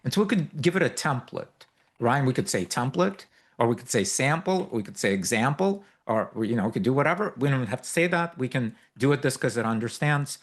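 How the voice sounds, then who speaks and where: A man teaching a live workshop, walking through a software demo in a loose, explanatory way with many fillers and asides. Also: medium pitch, lively intonation, fairly quick. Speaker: workshop instructor. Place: workshop room with a live audience.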